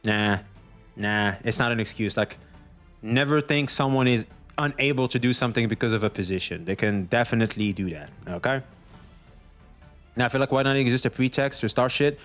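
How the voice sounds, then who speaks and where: A man's voice: mid-range voice, a little fast, faint music behind. A man streaming commentary on online drama, talking casually with lots of profanity and acting out what others say. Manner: animated, profane, acts out others in quoted voices.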